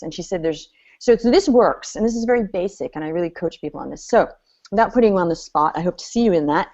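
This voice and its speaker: A woman business coach running an online seminar, animated and chatty, laughing often as she talks. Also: lowish voice, quick pace. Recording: slightly dull lo-fi audio.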